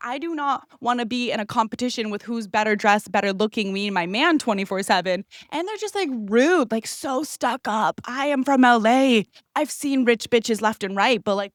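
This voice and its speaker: Young woman, from California, podcast host, casual ranting, cursing, high-ish voice, dry recording. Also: dry recording. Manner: ranting, animated, swearing freely. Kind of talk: casual chat.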